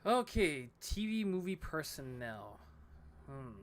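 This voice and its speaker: A man hosting a casual podcast chat on a headset mic, halting and repeating words as he talks. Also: fairly high pitch, big pitch swings, noisy background. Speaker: podcast host.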